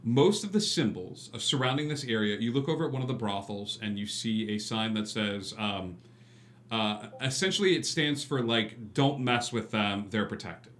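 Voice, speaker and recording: A man narrating as game master of a tabletop game, relaxed and full of fillers. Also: fairly low pitch, normal speed. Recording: echoey room with faint hum.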